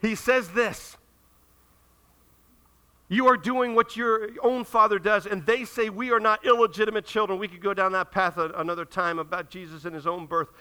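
Bright, high-pitched male preacher. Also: fairly even intonation, normal speed, clean tone. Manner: emphatic preaching, acts out quoted dialogue. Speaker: pastor. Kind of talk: sermon.

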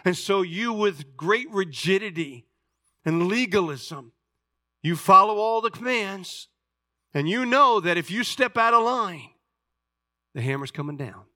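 A man delivers a sermon in a high, bright tone. He tells the story dramatically, voicing the characters and swinging between forceful passages and near-whispers. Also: expressive, measured pace. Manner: dramatic, acting out characters' lines, swinging from loud to hushed. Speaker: pastor.

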